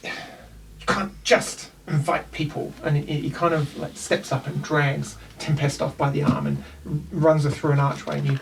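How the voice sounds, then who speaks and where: A man's voice: fairly high pitch, level tone, normal speed, vocal fry, few pauses, recorded from a distance, slight background noise. A man with a New Zealand accent narrating a tabletop game as game master, in a loose, rambling way.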